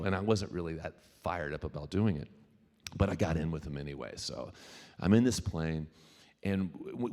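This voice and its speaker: A middle-aged man, a musician, telling an animated story to a live audience, stammering on restarts. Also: fairly low pitch. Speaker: featured speaker and musician. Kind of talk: storytelling keynote talk. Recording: reverberant hall.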